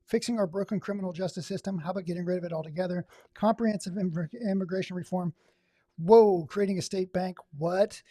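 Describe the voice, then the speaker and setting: A man's voice: high-pitched, fairly even intonation, fairly quick, mellow, dry recording, clean studio sound. A man streaming, reading text aloud and riffing on it with sarcastic asides in casual livestream commentary. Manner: sarcastic, reads aloud and riffs.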